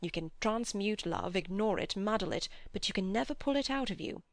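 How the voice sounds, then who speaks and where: A woman's voice: mid-range voice, lively intonation, brisk, creaky, dry recording. A woman voicing an earnest, passionate old man who pleads and preaches. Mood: pleading. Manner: impassioned, preaching.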